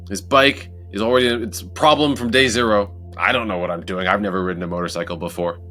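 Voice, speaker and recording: A man telling a personal story in a casual, animated motivational talk, acting out moments as he goes. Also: fairly low pitch, fast, few pauses, soft background music. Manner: animated, acts out his own story with lively asides. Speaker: motivational speaker.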